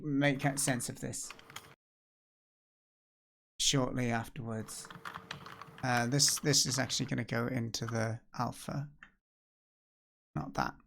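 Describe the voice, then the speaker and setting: A gravelly-voiced man hosts a casual live stream, talking his way through each step as he goes. He thinks aloud and jokes at himself. A faint background hiss sits under his voice. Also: mid-range voice. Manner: chatty, thinks aloud, self-deprecating. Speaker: livestream host learning game development. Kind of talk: casual live-stream chat while working.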